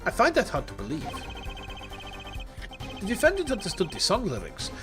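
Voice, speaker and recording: A man's voice: high-pitched, huge pitch swings, moderate pace, over music. A man voicing a smug, confident young male prosecutor with a theatrical delivery.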